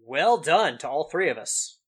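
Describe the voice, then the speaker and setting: Bright-voiced Kentucky co-host. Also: male voice, a little high, big pitch swings, a little slow, husky. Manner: joking, playfully needling. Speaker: podcast co-host. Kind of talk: casual gaming podcast chat.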